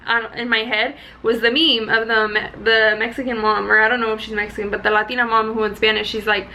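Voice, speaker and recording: A young woman vlogging casually, chatty and excitable with high energy. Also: fairly quick, a little hiss or hum, low-quality recording. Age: young adult. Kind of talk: casual chat.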